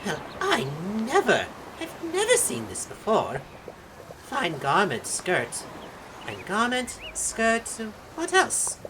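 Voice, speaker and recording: A woman's voice: fairly high pitch, huge pitch swings, slow, background noise, exaggerated voice. A woman reading the lines of a polite, curious young heroine in a game, in a voice close to her own. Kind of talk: reading game dialogue aloud.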